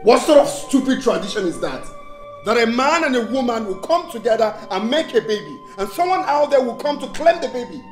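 A man's voice: very high voice, big pitch swings, fairly quick, reverberant, faint music behind. An actor with a Nigerian accent playing a young father who angrily defends his claim to his son in a film drama. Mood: indignant. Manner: indignant, emphatic, repeats himself.

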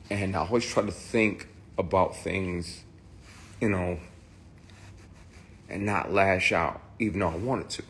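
Deep-voiced man telling a raw story. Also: steady tone, a little slow, gravelly, long pauses, a bit bright, a little hiss or hum. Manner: emphatic, raw and swearing, with restarts. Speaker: actor. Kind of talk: candid personal testimony.

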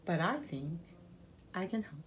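A woman reading a picture book aloud, voicing a kind old woman in a gentle, soft voice. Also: on the low side, animated, unhurried, a little hiss or hum, pitched below the performer's own voice.

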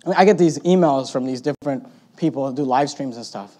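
A male pastor preaching a sermon in an animated way, swinging between loud emphatic bursts and quiet asides, with a sarcastic edge. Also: medium pitch, fast talker. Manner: sarcastic, mocking quoted opponents in put-on voices.

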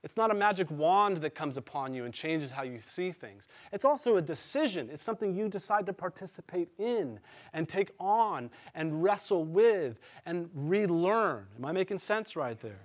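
A male pastor in his thirties with a slightly high voice delivers a conversational sermon. He tells stories about himself with candid, self-deprecating humor, then leans into the teaching and keeps asking the congregation whether they follow. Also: expressive, moderate pace.

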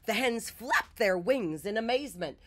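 A woman reading a children's picture book aloud, with expressive storytelling. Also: mid-range voice, normal speed.

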